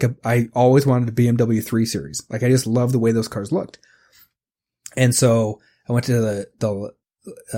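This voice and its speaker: A man's voice: mid-range voice, darkish tone. A man in his forties co-hosting a podcast, rambling and ranting with lots of swearing. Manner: rambling, profane ranting, quick restarts. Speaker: podcast co-host. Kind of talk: casual podcast chat.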